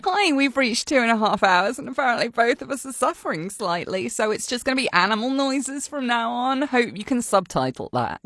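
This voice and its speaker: Husky woman, playful and sweary. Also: fairly high pitch, animated, moderate pace, a bit bright, no room sound, studio quality. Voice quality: slightly husky. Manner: playful, sweary, self-mocking, laughs often. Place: recording booth.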